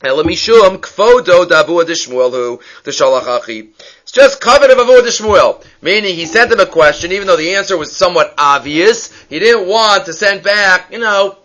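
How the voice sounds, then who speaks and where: A man leads a text-study lecture with a bright, forceful tone and a slightly high pitch. He keeps checking in with the listener, asking "right?", and he acts out the people in the stories he tells. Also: moderate pace. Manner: lively, questions the listener with frequent "right?". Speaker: Talmud teacher.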